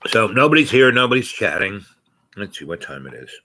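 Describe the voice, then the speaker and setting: A man's low-leaning voice swings widely in pitch, brisk and sharp-toned, over a slight hiss or hum. He's a vlogger rambling through a story for his viewers, full of fillers and restarts and punctuated by small mid-sentence laughs.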